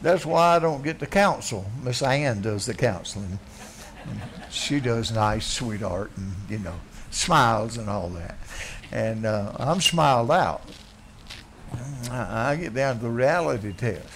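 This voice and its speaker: A man preaching a blunt, folksy sermon, dropping to quiet asides and then yelling. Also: medium pitch, animated, measured pace, slight background noise. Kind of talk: fiery sermon.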